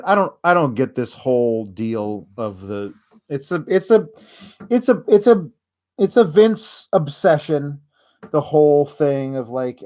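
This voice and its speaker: A man's voice: mid-range voice, a little mellow. A man hosting a podcast, giving a sarcastic, rambling casual recap. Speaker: podcast host.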